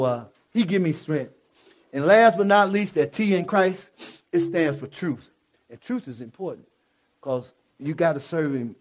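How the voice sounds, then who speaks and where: Brief: man testifying from the pulpit, fairly high voice, fervent, casual, runs from hushed to loud. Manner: casual, repetitive asides to the listeners. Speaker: church speaker giving testimony. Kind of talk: preaching testimony.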